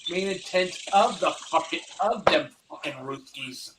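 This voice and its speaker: A man's voice: on the high side, expressive, a little slow, very noisy. A man co-hosting a casual livestream chat, talking bluntly and swearing freely. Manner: blunt and profane.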